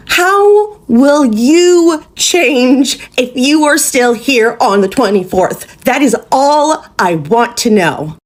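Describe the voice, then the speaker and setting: Woman firing pointed questions, high voice. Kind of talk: commentary.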